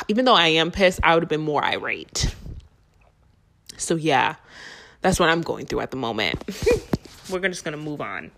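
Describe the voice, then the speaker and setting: A young adult woman vlogging to her viewers, telling stories in a blunt, profane and animated ranting way. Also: low voice, unhurried, pauses often, slight background noise. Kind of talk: casual ranting monologue.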